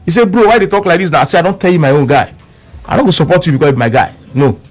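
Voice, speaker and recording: A man's voice: fairly high pitch, racing. A man speaking with a Nigerian Pidgin accent, telling a story on radio with emphatic repeats and quoted back-and-forth. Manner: emphatic, repeats words, quotes both sides of an argument.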